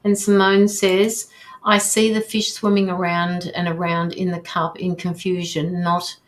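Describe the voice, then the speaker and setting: A woman's voice: on the low side, level tone, a little slow. A woman hosting a live tarot reading, reading viewer comments aloud and reassuring the sitter, with frequent ums and restarts. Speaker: tarot reader hosting a livestream.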